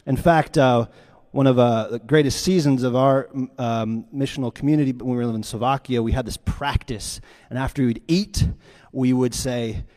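A man preaching a sermon as pastor, telling stories with lively swings between loud, quick lines and hushed, quiet ones. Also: mid-range voice. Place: church sanctuary. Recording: long hall reverb.

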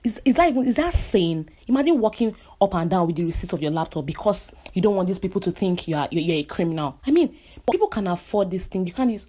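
A woman's voice: medium pitch, dark tone. A young woman from Nigeria with a Nigerian accent, an architect, talking in an impassioned, indignant vlog rant and repeating phrases for emphasis.

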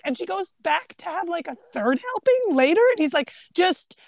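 A high-voiced woman with a gravelly edge chats casually about a film. She acts out quoted lines as she retells scenes. The sound is dry and close. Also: very animated, normal speed, darkish tone, no room sound. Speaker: podcast co-host.

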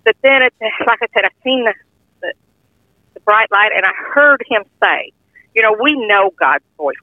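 A woman's voice: mid-range voice, animated, normal speed, dry recording. An older woman earnestly telling a heartfelt personal testimony in plain, informal speech. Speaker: guest sharing a testimony. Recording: tinny phone-line audio, dry.

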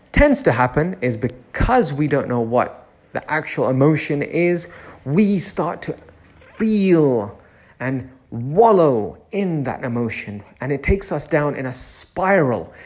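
Slow, deliberate man giving a self-help talk. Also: a little high. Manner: deliberate, repeats key phrases, lingers on words. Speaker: nursery owner giving a motivational talk.

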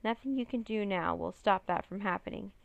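A woman reading the lines of a gloating, commanding male dark wizard villain in a storybook. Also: mid-range voice, fairly quick, vocal fry, no room sound, highs cut off, close to an everyday voice.

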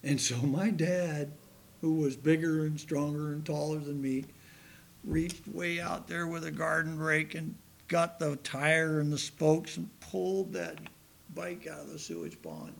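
An older male pastor preaching in a fairly high, light voice. He tells homespun stories with self-deprecating humor and often laughs at himself. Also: measured pace, gravelly. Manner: laughs at his own story. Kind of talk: sermon.

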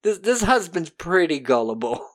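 Animated, profane podcast recapper. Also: medium pitch. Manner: animated retelling with quick put-on character voices, profane. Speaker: podcast host. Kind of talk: casual episode recap.

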